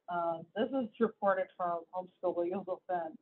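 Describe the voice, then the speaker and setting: A woman's voice: lowish voice, normal speed, few pauses. A woman hosting a casual news commentary on education, talking in a chatty, rambling way with asides and restarts. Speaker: host. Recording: tinny phone-like audio.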